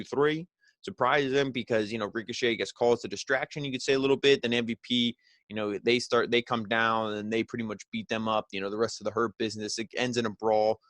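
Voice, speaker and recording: A man's voice: medium pitch, fairly bright tone, no room sound. A man hosting a wrestling review podcast, recapping in a rambling, sarcastic, filler-heavy way.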